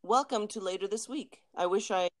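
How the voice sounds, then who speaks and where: A Canadian woman co-hosting a casual podcast, chatty and quick to laugh. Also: medium pitch, no room sound. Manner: giggly, laughs often. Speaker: podcast co-host.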